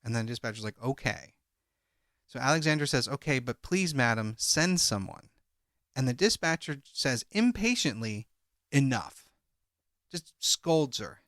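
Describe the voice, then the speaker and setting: Bright-voiced man retelling a story. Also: mid-range voice, animated, moderate pace, no room sound, studio quality. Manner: recounts a transcript, reading out each speaker's lines in turn. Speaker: podcast co-host. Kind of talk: true crime podcast retelling.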